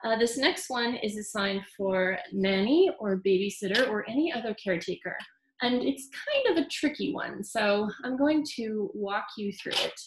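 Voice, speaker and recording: A woman teaching baby sign language at a storytime, chanting simple words in a gentle sing-song. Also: mid-range voice, moderate pace, background noise. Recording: echoey room.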